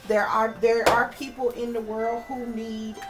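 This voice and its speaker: A psychic reader hosting her channel speaks at a measured pace in a slightly high, level voice, captured with poor audio. Her casual rant to viewers is emphatic, profane and repetitive, and she calls them y'all.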